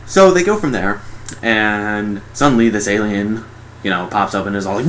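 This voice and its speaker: A man's voice: on the low side, moderate pace, a bit bright, slight background noise. A sarcastic young man giving a casual, mocking movie review.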